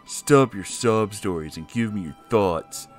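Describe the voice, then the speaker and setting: A man voicing a macho, vengeful cartoon tomcat in a gruff, mock-heroic manner. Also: lowish voice, a little slow, soft background music, close to an everyday voice. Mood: angry.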